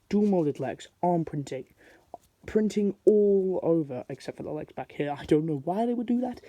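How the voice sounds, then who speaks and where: A man talks through a toy review in a loose, rambling way, dropping filler likes as he goes. His voice sits a little high but sounds soft and mellow. The recording is dry and close, with no room sound. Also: no room sound. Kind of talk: casual product review.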